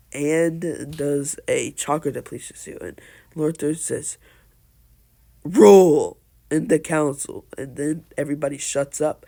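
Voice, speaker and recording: A man's voice: fairly high pitch, warm tone. A man casually retelling a fan story, rambling and hesitant, stringing events together with "and so then.".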